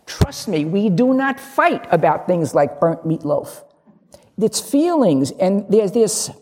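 A woman's voice: mid-range voice, very animated, slow pace, darkish tone, breathy edge. An older woman giving a candid, humorous dharma talk as a lay Zen teacher, acting out little dialogues. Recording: long reverb of a large hall.

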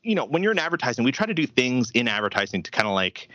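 A man guests on a podcast, rambling casually with plenty of fillers. His pitch jumps around a lot. The recording is dry and a bit dull. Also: big pitch swings, rapid-fire, fairly bright tone, dry recording. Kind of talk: casual interview chat.

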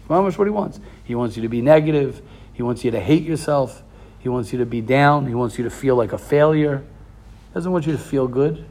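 Gravelly impassioned man giving a Torah talk. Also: mid-range voice, darkish tone. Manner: impassioned, repetitive, addresses listeners directly. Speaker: rabbi.

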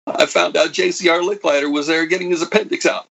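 A man's voice: fairly high pitch, steady tone, quick pace, gravelly, fairly bright tone. An actor playing a bitter old man who was once a computer prodigy, delivering a dramatic monologue that swings from wry to anguished. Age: older.

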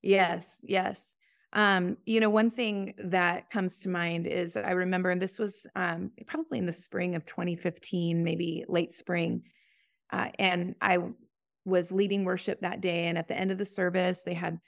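A middle-aged woman sharing her faith story in an interview, earnest and halting, often restarting her sentences. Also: level tone, creaky, no echo, clean studio sound. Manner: earnest, halting, many restarts, rises high when recalling prayers. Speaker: podcast guest. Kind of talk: testimony in an interview.

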